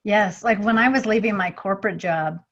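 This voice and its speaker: A woman's voice: mid-range voice, a little fast, fairly bright tone, muffled recording. A middle-aged woman guest, a business strategist, talking chattily with many fillers and quoted asides. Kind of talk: casual interview chat.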